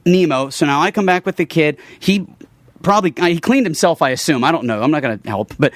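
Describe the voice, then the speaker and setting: Animated high-voiced man telling a story. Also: quick pace, no echo. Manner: animated storyteller, acts out voices, laughs often. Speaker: radio co-host telling a story. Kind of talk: casual radio banter. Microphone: studio mic.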